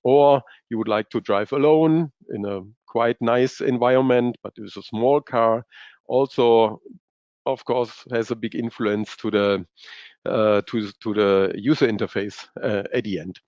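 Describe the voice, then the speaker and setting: A man speaking as a guest expert in a webinar presentation, halting with many fillers and non-native English phrasing. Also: mid-range voice, no echo. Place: based in Europe. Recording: dull, lo-fi webinar audio.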